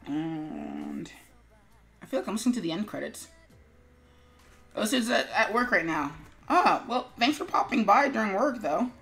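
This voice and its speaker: A woman's voice: mid-range voice, animated, moderate pace, creaky, long pauses, a bit bright. A woman streamer chatting casually to viewers while she works on an animation, rambling with lots of fillers and mumbling to herself.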